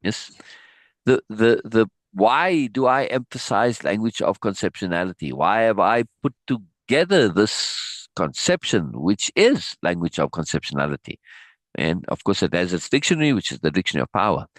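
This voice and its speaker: A man teaching, reading a book passage aloud and breaking off with animated, laughing asides and restarts. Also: on the low side, moderate pace, dry recording.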